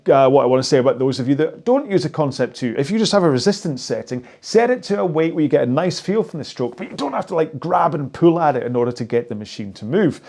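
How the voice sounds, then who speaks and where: A man's voice: on the high side, very animated, quick pace, hardly any pauses, darkish tone. A man giving chatty, jokey, encouraging instructions while he rows along on a rowing machine. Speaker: rowing coach. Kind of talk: follow-along workout instruction.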